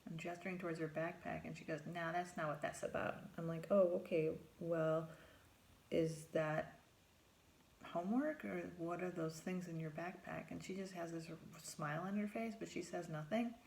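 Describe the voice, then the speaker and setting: A middle-aged woman, a therapist, telling a first-person story, acting out her own lines in a higher voice and dropping to a whisper for her inner thoughts. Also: steady tone, normal speed, creaky, darkish tone.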